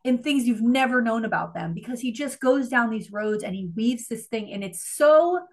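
A woman's voice: on the high side, animated, normal speed. A woman co-hosting a podcast in casual chat, rambling and gushing, swearing freely as she tells a story. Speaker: podcast co-host.

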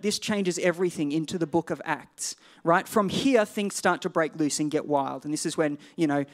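A male pastor preaching a sermon in a conversational, digressive way with self-deprecating asides. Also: on the high side.

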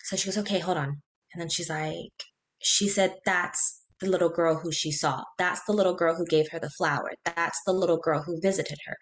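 A woman's voice: on the low side, steady tone. Earnest woman telling a personal story. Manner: earnest, halting, with many restarts and quoted speech. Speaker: interview guest.

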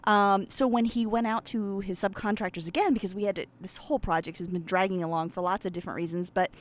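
A woman's voice: mid-range voice, steady tone, fast talker. Guest spot: a chatty, self-deprecating woman from Pennsylvania, telling a story with lots of fillers. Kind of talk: casual storytelling.

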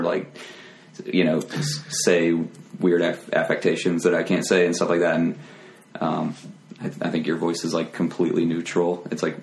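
A man, a guest comedian, chatting casually in a deep, monotone voice. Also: a little hiss or hum. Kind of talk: casual chat.

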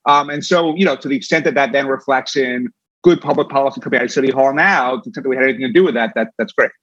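A man being interviewed, talking fast with frequent restarts and fillers. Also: mid-range voice, a bit bright, dry recording, dull audio. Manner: quick, with many restarts. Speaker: guest, former campaign manager.

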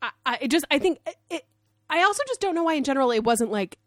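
A woman's voice: sits high, quick pace, dry recording. Woman cohost chatting about a show, swears a lot, does the characters' lines, dry close mic. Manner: animated, swears freely, quotes characters. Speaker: podcast co-host. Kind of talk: casual recap chat.

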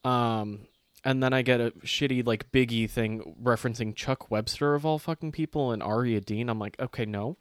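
A man's voice: medium pitch, moderate pace, dry recording, clean studio sound. A man co-hosting a podcast in casual chat, telling stories with a sarcastic, profane edge. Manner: profane, sarcastic, animated storytelling. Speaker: podcast co-host.

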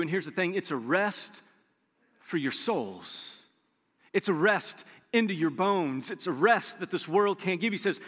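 Pastor guy preaching, high ringy voice, big echoey hall. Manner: animated, acts out listeners' replies. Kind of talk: sermon.

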